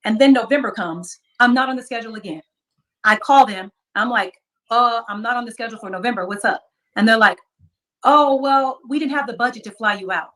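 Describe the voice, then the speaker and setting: A woman guest telling a story in casual chat, retelling conversations quickly. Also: fairly high pitch, fairly bright tone. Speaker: podcast guest.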